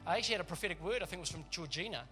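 A man's voice: high-pitched, lively intonation, racing, loud music behind the voice. A man, a pastor giving a casual, chatty sermon in a church and laughing often as he tells stories.

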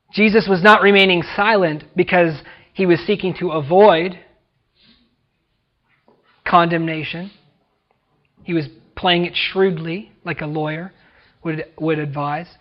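A high-pitched American man delivers a sermon as pastor. He talks with dramatic emphasis and acts out the people he quotes. The recording sounds dull and lo-fi. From United States.

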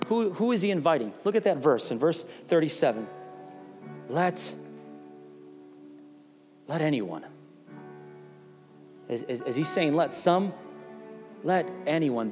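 A man's voice: fairly high pitch, very animated, slow, pauses often, darkish tone. A male pastor delivering an impassioned sermon with emphatic repetitions, in a church sanctuary. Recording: long hall reverb, faint music behind.

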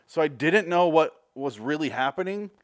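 A man's voice: on the high side, expressive, normal speed. A man co-hosting a casual movie review chat, rambling and wry, often laughing. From Canada. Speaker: podcast co-host.

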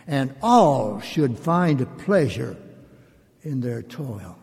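Older man preaching a reflective sermon in an unhurried delivery, slightly breathy, echoing through a large hall. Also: medium pitch, sing-song, a little mellow. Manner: slow, reflective, measured delivery with drawn-out phrases. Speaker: pastor. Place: church sanctuary. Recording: long reverb of a church hall.

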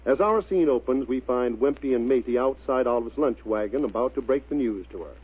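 1930s radio announcer, tinny sound. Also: male voice, mid-range voice, brisk, husky. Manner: even, recap-style narration.

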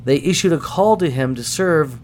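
A middle-aged man hosting a podcast, telling stories casually in an animated, self-deprecating way. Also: on the high side, moderate pace, a little hiss or hum. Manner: animated, self-deprecating, acts out voices in anecdotes. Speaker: podcast host. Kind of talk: casual storytelling.

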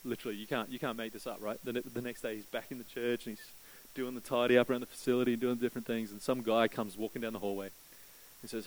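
A man preaching from the pulpit, his voice sitting in a middle register. He tells a story casually and warmly, lifting his pitch when he acts out desperate prayers. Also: little pitch movement, fast talker, poor audio. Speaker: pastor. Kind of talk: sermon.

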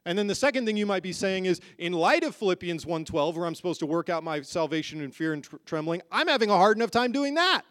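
A man's voice: high-pitched, lively intonation, fast talker, hardly any pauses, a bit bright, no room sound, clean studio sound. A man preaching a sermon as pastor to a congregation, emphatic and full of rhetorical questions. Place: church hall with a congregation.

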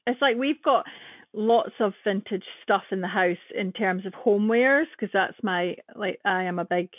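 A woman's voice: medium pitch, moderate pace, no room sound. A woman chatting casually as a guest, laughing often and acting out quotes. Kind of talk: casual chat. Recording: tinny phone-like line, dry.

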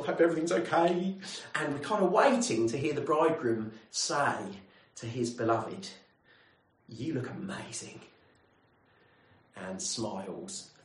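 A man's voice: medium pitch, reverberant, poor audio. A man preaching a sermon in a conversational way, often putting questions to the congregation.

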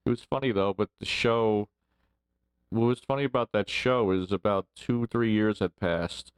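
A man's voice: lowish voice, normal speed, clean tone, no echo. A man in his forties, a podcast guest telling rambling stories and laughing often as he talks. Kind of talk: casual storytelling interview.

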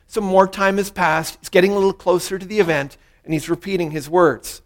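A man's voice: sits high, brisk, few pauses. A man preaching a sermon as pastor, earnest and repeating his key lines for emphasis.

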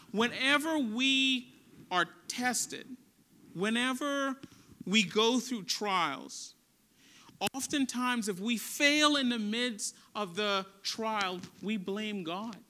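A man's voice: very high voice, pushed and bright. A male pastor preaching an earnest, emphatic sermon in a conversational way.

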